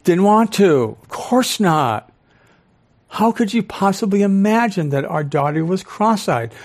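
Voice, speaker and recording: An older man giving a live lecture to an audience as a speaker and professor, animated, often quizzing listeners with questions. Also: high voice, a little slow. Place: club hall with a live audience.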